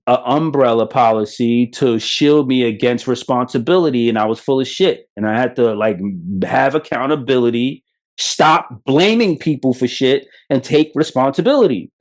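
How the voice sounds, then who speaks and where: Middle-aged Brooklyn man, podcast host; blunt and salty, animated storyteller, mid-range voice. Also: medium pitch. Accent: New York. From Brooklyn, New York. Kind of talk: candid motivational talk.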